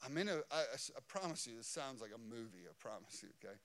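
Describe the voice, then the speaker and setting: A man preaching a sermon as pastor, impassioned and building to loud, high emphasis on key phrases. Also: very animated, quick pace. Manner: impassioned, rising in pitch and volume for emphasis.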